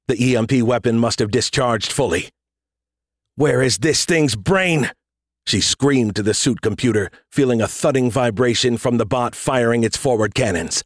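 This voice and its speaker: Guy reading a sci-fi action audiobook, steady and measured, dry close mic. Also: mid-range voice, no room sound. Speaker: audiobook narrator. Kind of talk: scripted narration.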